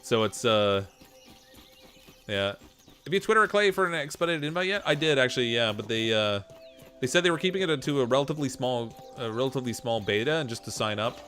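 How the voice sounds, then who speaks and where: A Canadian-accented man talks casually while he plays a game, in a mid-pitched voice. He reads out chat comments and answers them in a loose, rambling way. He breaks into laughter often. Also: expressive, a little fast, fairly bright tone, soft background music. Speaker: gameplay streamer reading chat.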